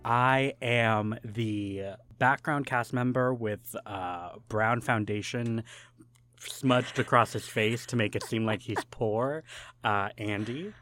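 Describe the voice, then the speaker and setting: A man co-hosting a casual comedic podcast, playful and jokey, with mock-formal asides and bursts of loud excitement. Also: mid-range voice, slow pace, no room sound, soft background music. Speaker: podcast co-host.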